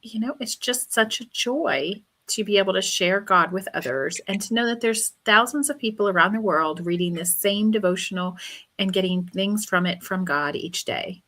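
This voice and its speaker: A woman hosting a faith live stream on a video call, announcing a book and devotions in a measured way. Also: medium pitch, sharp tone. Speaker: host, publisher.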